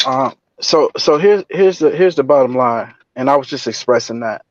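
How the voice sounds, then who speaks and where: A man calling in to a live stream, speaking haltingly and reflectively with many fillers. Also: mid-range voice. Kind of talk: casual call-in chat. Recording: dull, dry call audio.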